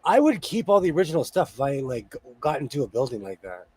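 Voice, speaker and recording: A man with a fairly high speaking voice hosts a loose, casual chat. He rambles from story to story and keeps cracking jokes. He sounds at ease, talking from his sewing room at home. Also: sing-song, fast, darkish tone. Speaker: host.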